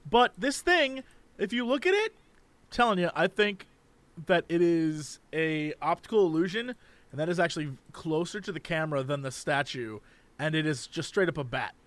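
A man co-hosting a podcast, chatting casually and thinking out loud. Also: fairly high pitch, expressive, normal speed, no room sound. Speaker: podcast co-host. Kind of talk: casual chat.

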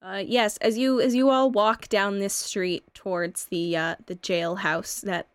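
Woman, game master, halting narration, smooth tone, dry close recording. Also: mid-range voice, steady tone, no room sound. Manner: halting narration with many fillers.

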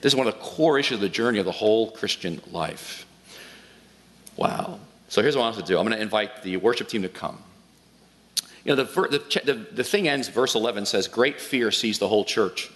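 Pastor preaching in a reverberant church hall. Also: male voice, lowish voice, a little fast. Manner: storytelling, animated, frequent restarts. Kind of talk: sermon.

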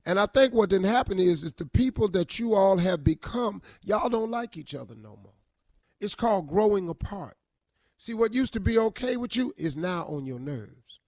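A male radio host giving comic relationship advice, drawling and emphatic in colloquial speech. His voice sits high and swings widely. The sound is dry and close. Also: animated, normal speed, a little mellow, no room sound. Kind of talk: comedic advice talk.

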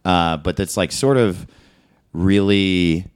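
A man's voice: low voice, takes it slowly, clean tone. A man co-hosting a comedy podcast, talking in a rambling, self-deprecating way full of fillers. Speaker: podcast co-host, stand-up comic. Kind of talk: casual comedic podcast banter.

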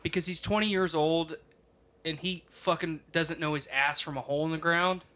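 A man's voice: a little high, steady tone, normal speed, bright, forceful tone. A man in casual chat, rambling and swearing, full of "like" and "you know".

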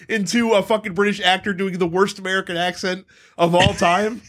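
A man co-hosting a podcast in casual chat, excitable and riffing, with frequent swearing and laughter. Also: high voice, brisk. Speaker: podcast co-host.

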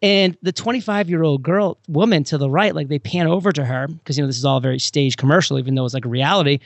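A man talking casually on a podcast, an animated storyteller who acts out scenes with sudden jumps in pitch. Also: quick pace, creaky, dry recording. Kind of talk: casual conversation.

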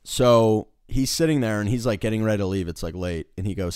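A man's voice: fairly low pitch, fairly quick, darkish tone, smooth, dry recording, studio quality. A young man casually telling a work story, rambling with lots of fillers and frequent laughs.

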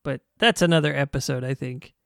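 A man's voice: mid-range voice, brisk, vocal fry, fairly bright tone, dry recording, studio quality. A man hosting a casual podcast chat with friends, joking and laughing often. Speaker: podcast host.

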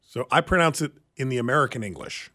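A man's voice: mid-range voice, animated, quick pace, bright, forceful tone. A man co-hosting a talk radio show, chatting casually and opinionatedly, often stumbling over restarts.

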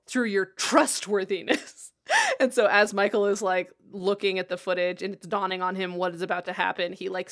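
A woman co-hosting a podcast, chatting casually through a TV episode recap, animated, laughing often and swearing freely. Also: medium pitch. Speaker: podcast co-host.

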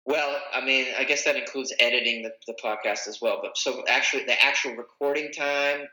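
A man's voice: mid-range voice, steady tone, fairly quick, pushed and bright, reverberant, poor audio. A man, a comedian and podcaster, talking casually in a rambling way with lots of fillers and restarts. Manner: rambling, self-correcting, many fillers. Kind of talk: casual conversation.

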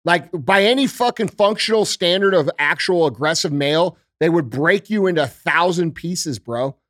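A man's voice: fairly high pitch, expressive, normal speed, fairly bright tone, no echo, clean studio sound. A man hosting a podcast, ranting with heavy swearing and repeated rhetorical questions. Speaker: podcast host. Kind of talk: profane political rant.

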